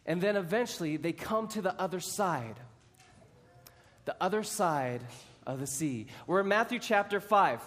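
A man preaching a sermon, retelling a Bible story with animated storytelling and dramatic re-enactments. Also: sits high, moderate pace, big-room sound.

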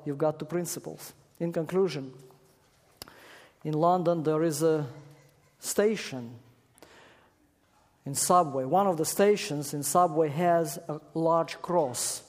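A man preaching with emphatic force, his fairly high voice climbing to loud peaks on key words. He speaks in a church or large hall, and a long echo trails each phrase. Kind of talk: sermon. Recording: echoey hall.

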